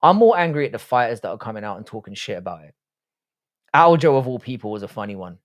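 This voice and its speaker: A young man with an Irish accent runs a casual livestream and answers his chat in a blunt, foul-mouthed way. He talks loosely and jokes back at viewers at a middling pitch. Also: big pitch swings, quick pace. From Republic of Ireland. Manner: profane, blunt, banters with chat. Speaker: livestream host reading chat.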